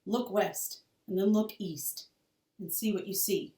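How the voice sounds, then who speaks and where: Woman reading as a firm, steady pioneer dad with a lowered voice, heard in a roomy space. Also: measured pace, natural voice. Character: stern, steady pioneer father. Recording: roomy, distant mic.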